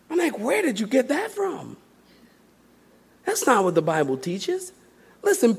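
Man, pastor, high lively voice, joking sermon delivery. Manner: animated, joking preacher acting out quoted people. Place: church.

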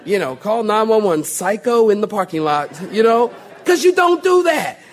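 A man with a high voice, speaking at a moderate pace, preaches a sermon as a pastor. He's animated and funny, joking and putting on mock voices for laughs to make his point.

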